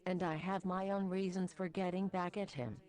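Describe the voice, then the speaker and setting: A woman's voice: on the low side, steady tone, moderate pace, darkish tone, close to an everyday voice, rough recording. A woman voicing an earnest, polite grown man speaking to his neighbor, close to her own voice.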